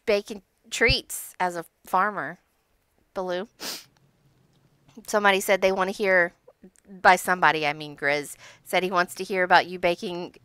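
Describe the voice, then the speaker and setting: A woman's voice: medium pitch, sharp tone, smooth, no room sound. A young woman hosting a game role-play stream, playful and giggly as she chats and tells stories. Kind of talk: casual gaming stream chat and storytelling.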